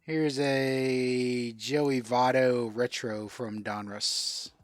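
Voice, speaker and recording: A man's voice: medium pitch, little pitch movement, extremely slow, no room sound. A man from South Florida hosting a casual live-stream card sale, chatting and answering viewer comments as he goes. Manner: chatty, reads out and answers viewer comments while selling cards.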